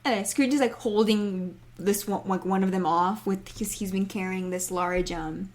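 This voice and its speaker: A woman's voice: mid-range voice, steady tone, moderate pace, a little mellow. A woman co-hosting a podcast, chatting casually and laughing often while recapping a cartoon episode. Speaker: podcast co-host.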